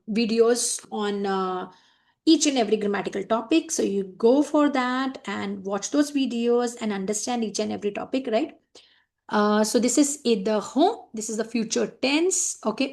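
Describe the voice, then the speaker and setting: A middle-aged Indian woman teaching French, explaining each phrase and firmly warning students about common mistakes. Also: medium pitch. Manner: switches between French, English and Hindi, explaining each phrase; firm, scolding reminders about mistakes. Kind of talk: classroom lesson explaining a letter.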